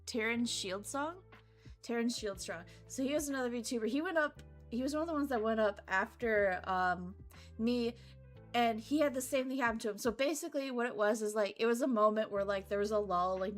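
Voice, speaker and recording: A young woman VTuber chatting casually, telling a story in an animated way, with frequent laughs and casual swearing. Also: fairly high pitch, fairly quick. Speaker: VTuber streamer. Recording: faint background music.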